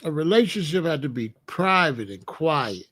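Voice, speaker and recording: A man's voice: fairly high pitch, very animated, normal speed, a bit bright. A man hosting a casual talk show and giving blunt, joking advice on marriage, acting out little scenes as he goes. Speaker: host.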